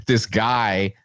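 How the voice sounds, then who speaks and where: A man guest telling lively stories over a remote podcast call, laughing often and swearing freely. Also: medium pitch, dry recording. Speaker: podcast guest, comedian and video reviewer. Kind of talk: casual storytelling chat.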